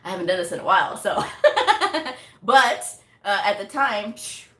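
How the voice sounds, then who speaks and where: A woman giving a casual motivational talk to camera, chatty and animated, telling stories with quoted asides. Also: mid-range voice, measured pace. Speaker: medical coding vlogger. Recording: echoey room.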